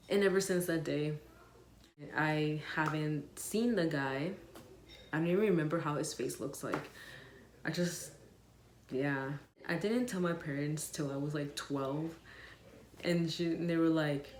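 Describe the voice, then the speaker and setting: A woman's voice: low voice, darkish tone, reverberant, a little hiss or hum. A woman telling a casual storytime to her viewers, rambling with lots of "like" and restarts. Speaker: vlogger.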